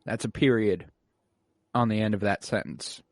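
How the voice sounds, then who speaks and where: A man's voice: fairly low pitch, normal speed, no echo, studio quality. A man co-hosting a podcast, talking through a movie review in a laid-back, casual way and sometimes swearing. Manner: laid-back, swearing, acts out characters' lines. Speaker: podcast co-host.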